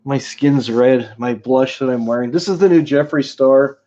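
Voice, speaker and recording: A man's voice: medium pitch, moderate pace, dark tone, muffled recording. A man hosting a live stream in casual chat, rambling, laughing often and greeting viewers by name.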